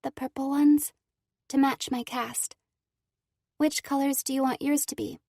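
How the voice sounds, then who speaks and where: A woman voicing a timid, injured young girl who speaks in a small, soft voice in an audiobook. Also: sits high, little pitch movement, measured pace, no room sound, clean studio sound, pitched above the performer's own voice.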